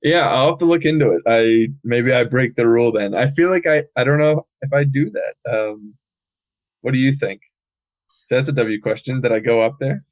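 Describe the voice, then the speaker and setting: A man with an American English accent, co-hosting a podcast in casual chat, talking in a relaxed, monotone way full of fillers. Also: mid-range voice, normal speed, no room sound. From United States. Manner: relaxed, filler-heavy, says he speaks in a monotone. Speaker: podcast co-host. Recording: dry, phone-like audio.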